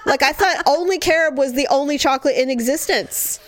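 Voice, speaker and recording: A woman hosting a podcast in casual chat, talkative and animated, filling her talk with "you know" and "like" as she reads out listener stories. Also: high voice, brisk, no room sound, studio quality. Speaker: podcast host.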